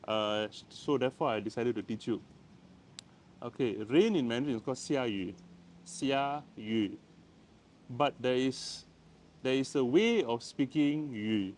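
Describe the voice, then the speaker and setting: A man's voice: mid-range voice, a little mellow, slight background noise. A man with a Malaysian English accent giving a casual, playful language lesson, recorded on a handheld camera by the door of a house. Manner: chatty, playful, repeats words. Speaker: language teacher. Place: by the door of a house, outside in the rain.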